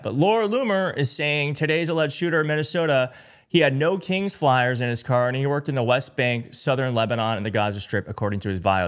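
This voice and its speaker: A man giving online political commentary, indignant and emphatic, reading out reports and quotes. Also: mid-range voice.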